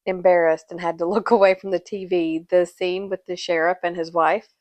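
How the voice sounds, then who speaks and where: A woman's voice: lowish voice, level tone, fairly quick, a little mellow, dry recording. A woman co-hosting a podcast, bantering playfully and laughing in casual chat. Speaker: podcast co-host.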